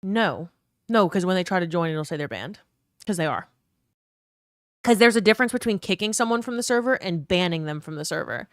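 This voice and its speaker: A woman's voice: medium pitch, a bit bright, dry recording, studio quality. A young woman from New Orleans with a neutral accent, chatting casually with her live stream viewers, reading comments aloud and swearing now and then. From New Orleans, US South.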